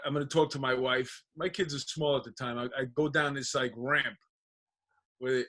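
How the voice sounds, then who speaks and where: A man, a comedian guest on a podcast, telling stories in casual chat and acting out the dialogue with plenty of swearing. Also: mid-range voice. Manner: animated storyteller acting out dialogue, profane.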